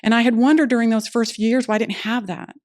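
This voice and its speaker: A woman speaking at a recovery meeting, telling her personal story in a lively way and acting out the dialogue she recalls. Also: fairly high pitch, quick pace. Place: meeting room.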